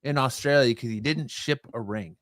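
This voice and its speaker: A man hosting a live wrestling chat show, relaxed and joking as he explains the news. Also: mid-range voice, normal speed, a little hiss or hum. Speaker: podcast host. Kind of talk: casual live-stream chat.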